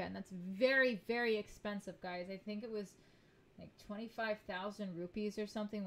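A woman's voice: medium pitch, fairly even intonation, normal speed. A young woman hosting a reaction video, talking casually to her viewers and rambling with many restarts. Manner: rambling and chatty, often restarting sentences. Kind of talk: casual chat to camera.

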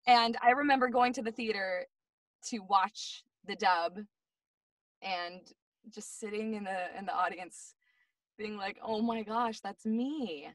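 A woman's voice: mid-range voice, steady tone, measured pace, long pauses, dry recording. A woman voice actress chatting as an interview guest, bubbly and gushing, often giggling. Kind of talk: casual interview chat. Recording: dry, slightly distant mic.

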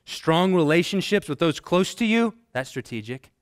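A man's voice: a little high, big pitch swings, moderate pace, clear, resonant tone, no echo, studio quality. A man from Texas teaching a seminary class. He tells personal stories in a conversational way, with frequent ums and restarts, and builds to emphatic lists. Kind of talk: classroom lecture with personal anecdotes.

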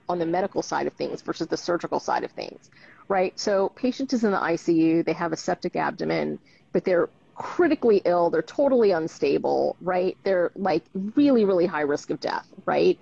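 Husky-voiced woman doctor, frank and animated. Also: lowish voice. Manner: frank, animated storyteller with many tag questions. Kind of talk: casual conversation on a live stream. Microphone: video call. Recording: dull lo-fi live stream audio.

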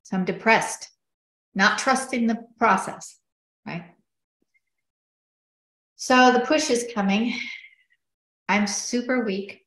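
A woman's voice: fairly high pitch, slow pace, pauses often, fairly bright tone. A middle-aged woman earnestly telling a personal story in conversation, reflective and quoting others as she goes. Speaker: guest telling her story. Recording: roomy echo.

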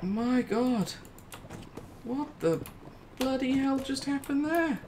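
This male gaming YouTuber narrates his own gameplay in a loose, joking way and squeals in a high pitch when caught off guard. He takes things slowly, and the background is noisy.

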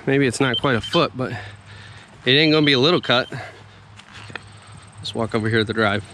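A man's voice: mid-range voice, brisk, pushed and bright. Equipment operator guy walking a job site, grumbly jokey explainer, engine noise and wind behind him. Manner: grumbling, joking, explains step by step. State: chewing a little. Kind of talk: casual walk-and-talk vlog. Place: outdoors at a building site.

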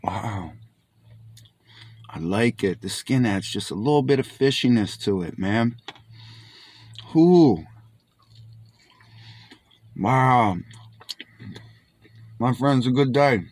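A man's voice: mid-range voice, animated, takes it slowly, long pauses, darkish tone. A young man hosting a casual food review vlog, enthusiastic and exclaiming as he tastes, often calling out to his friends. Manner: enthusiastic, keeps saying "my friends"; exclaims while tasting.

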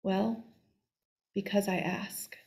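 A woman voicing a brave, polite young girl in a told folk tale, speaking quietly and plainly. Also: mid-range voice, flat delivery, slow pace, creaky. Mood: calm. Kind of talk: storytelling.

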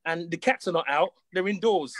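A man's voice: sits high, fairly quick, fairly bright tone, no echo. A West Indian man with a Caribbean accent, a guest on a talk show, chatting in an easygoing, jokey way and often repeating his phrases. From West Indies. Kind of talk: casual chat.

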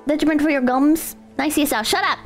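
A woman's voice: high voice, fairly even intonation, quick pace. A young American woman streaming, chatting casually and reading viewer donations in a teasing, crude way, swearing freely. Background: faint music.

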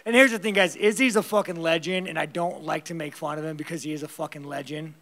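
A fighter answering press conference questions in a blunt, rambling, heavily profane way, laughing often. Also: male voice, a little high, steady tone, quick pace, sharp tone.

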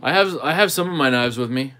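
Animated and fast-talking, this man has a mid-range voice that sounds pushed and bright. He hosts a knife channel livestream, answering viewers in an easygoing way and musing aloud as he works on a knife.

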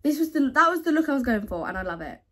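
A woman's voice: sits high, big pitch swings, racing, a bit bright. Chatty woman vlogging her bedroom tidy-up. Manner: chatty, rambling, corrects herself often. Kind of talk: casual chat to camera.

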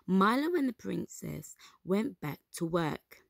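A woman reading a storybook aloud to children, gentle and expressive. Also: mid-range voice, slow, gravelly, no echo, clean studio sound.

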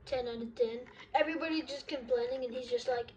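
A young woman giving casual, giggly commentary while she plays a video game, reacting out loud in a scattered way. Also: sits high, unhurried. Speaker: gaming video creator.

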